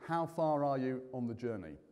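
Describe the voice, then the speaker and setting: A man's voice: medium pitch, moderate pace. A man hosting a live conference, chatty and jokey, putting questions to the audience. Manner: lively, jokey, quizzing the audience. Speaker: conference host. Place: large conference hall. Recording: reverberant hall.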